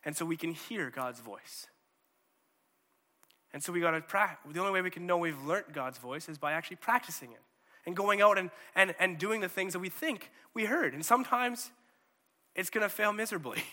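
A man preaching a sermon in a conversational, animated way, often checking in with his listeners. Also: high-pitched, moderate pace, big-room sound.

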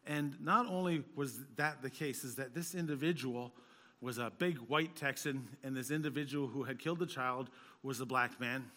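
A man preaching a sermon as a pastor, telling stories and rising to loud, emphatic peaks. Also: on the high side, long reverb tail.

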